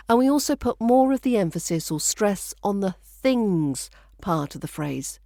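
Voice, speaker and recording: A woman with a British accent leads a scripted pronunciation lesson at an unhurried pace, shaping every word with care. Her voice sits in a middle register and comes across dry and close, with no room around it. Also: medium pitch, expressive, a little mellow, no room sound. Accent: British English. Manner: slow, carefully articulated, modelling phrases. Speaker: accent coach.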